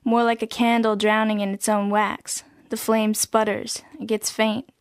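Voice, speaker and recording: A woman giving scripted narration in a measured, reflective way. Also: fairly high pitch, little pitch movement, smooth, no room sound, studio quality.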